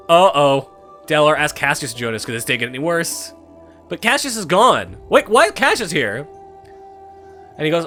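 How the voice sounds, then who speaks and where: A young man giving irreverent let's-play commentary, animated and swearing freely. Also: on the high side, brisk, soft background music. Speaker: gameplay commentator.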